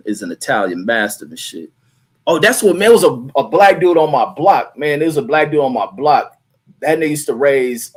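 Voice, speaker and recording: A middle-aged man hosting a livestream, reading viewer comments aloud and riffing on them in a blunt, profane, rambling way. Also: mid-range voice. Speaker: livestream host.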